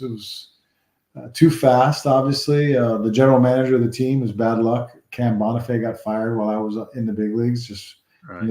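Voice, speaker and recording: A man in his forties, a former ball player, telling rambling, animated stories from his career in an interview. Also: medium pitch, echoey room. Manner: rambling, animated anecdotes with restarts. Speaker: former baseball player, guest. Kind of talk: storytelling interview.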